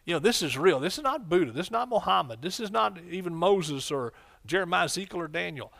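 A man preaching a sermon as pastor, exuberant, with bursts of shouted exclamations. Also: high-pitched, expressive, fast, vocal fry.

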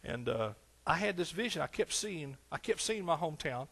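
Older East Texas man, pastor in the pulpit, fervent and folksy, slightly high voice. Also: animated, normal speed, gravelly, sharp tone, husky. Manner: fervent, exclaiming, folksy storytelling. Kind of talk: sermon.

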